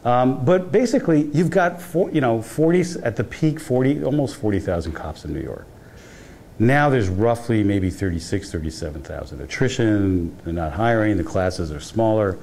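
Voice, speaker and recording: A man with a somewhat low voice lectures a university class in an easy, storytelling way. He often trips and restarts mid-sentence. A faint background noise sits under his speech. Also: animated, moderate pace, a little mellow. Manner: conversational storytelling with frequent restarts. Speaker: guest lecturer, criminology professor. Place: lecture hall.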